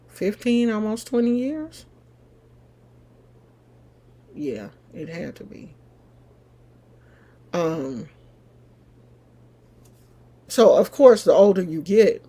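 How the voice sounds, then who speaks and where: A middle-aged woman, casually telling a personal story straight to her viewers in an animated, chatty way. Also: on the low side, breathy edge. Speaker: vlogger.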